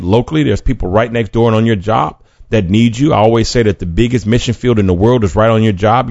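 A man's voice: medium pitch, gravelly, darkish tone, no echo. A man preaching a podcast sermon in an earnest, conversational way, often restarting his sentences. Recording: dry, dull lo-fi sound.

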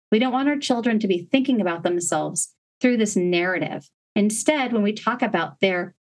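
A woman hosting a parenting podcast, explaining discipline steps in an earnest, step-by-step way with gentle emphasis. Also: mid-range voice, moderate pace, hardly any pauses. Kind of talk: instructional podcast talk.

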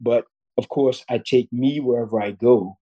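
A man's voice: mid-range voice, fairly even intonation, moderate pace, dull audio. A man in his fifties, a podcast guest, telling a personal story in an earnest way, often repeating words as he goes. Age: 50s. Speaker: guest surgeon.

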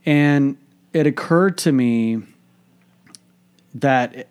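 A man's voice: fairly low pitch, normal speed, a little mellow. A man, a coach, telling a candid personal story in a frank, reflective way, swearing freely.

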